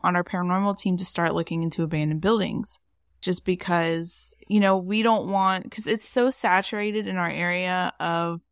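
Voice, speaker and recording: A woman's voice: fairly low pitch, clear, resonant tone, no room sound, clean studio sound. A woman paranormal investigator and psychic chatting casually, full of fillers and restarts. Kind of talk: casual podcast chat.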